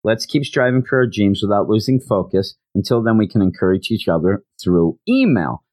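A man voicing a composed teenage girl who speaks in gentle, measured promises. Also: lowish voice, sing-song, voice pushed down.

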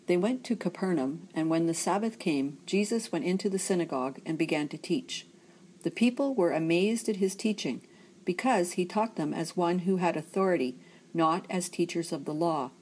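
A woman from Canada reading a scripture passage aloud in a measured, steady way from a library office. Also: lowish voice, rough recording. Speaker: scripture reader.

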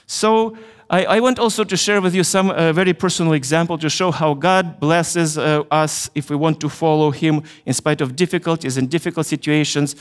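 A middle-aged man with a Ukrainian accent delivers a chapel sermon as a personal story. He speaks earnestly, in a fairly high voice, and pauses often to search for words. His voice rings out with the long reverb of a large hall. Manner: earnest storytelling with frequent hesitations. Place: university chapel.

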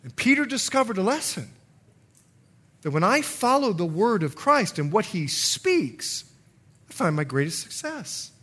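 A middle-aged man preaching a sermon as pastor, telling stories with lively, acted-out voices. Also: high-pitched, measured pace, breathy edge. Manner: animated storytelling, acting out quoted voices.

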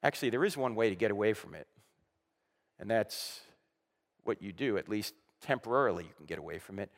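A man with a fairly low, lively voice preaches a little fast to a congregation in a church auditorium, using slides and the hall's big-room sound. He's emphatic, fires off rhetorical questions, and performs the voices of those he quotes.

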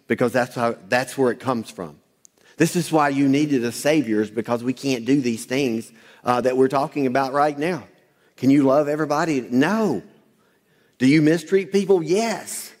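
A man's voice: mid-range voice, darkish tone. A man preaching a sermon, quoting scripture, asking questions and answering them himself, and calling on the congregation to repeat lines back. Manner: quotes scripture, asks and answers own questions. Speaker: pastor. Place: church sanctuary. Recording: long hall reverb.

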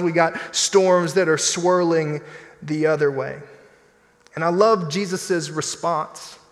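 A man preaching a sermon as pastor, in an animated, conversational style with playful asides. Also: fairly high pitch. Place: church sanctuary. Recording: long church hall reverb.

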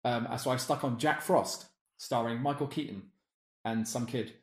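A man's voice: medium pitch, normal speed, echoey room. A man chatting casually on a podcast, rambling and self-deprecating. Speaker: podcast co-host. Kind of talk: casual chat.

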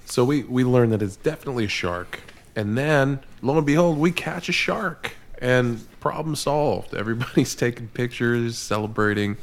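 A man's voice: mid-range voice, lively intonation, normal speed, a little hiss or hum. A man hosting a podcast, casually and profanely retelling movie scenes. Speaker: podcast host.

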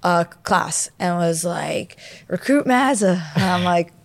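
Young woman, chatty interview guest, acts out quotes; low-ish voice, dry recording. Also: slow pace, gravelly, no echo. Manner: animated storyteller, acts out shouted quotes. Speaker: interview guest, grappler and former police officer. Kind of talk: casual storytelling in an interview.

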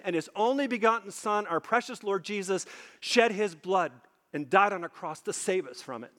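A man preaching a sermon, emphatic, repeating phrases for stress and slowing low on key points. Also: lively intonation, fairly bright tone, long reverb tail.

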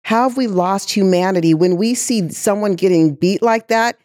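A woman's voice: mid-range voice, normal speed, darkish tone, no room sound, studio quality. A woman guest in an interview, speaking with passion and asking emphatic rhetorical questions. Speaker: guest, chief diversity officer. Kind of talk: interview conversation.

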